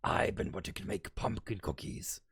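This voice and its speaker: A man in his thirties voicing a growly, deep male demon while chatting casually on a stream. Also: lively intonation, moderate pace, a bit bright, no room sound, exaggerated voice. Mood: menacing-silly. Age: 30s. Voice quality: gravelly, creaky. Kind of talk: casual stream chat in a put-on voice.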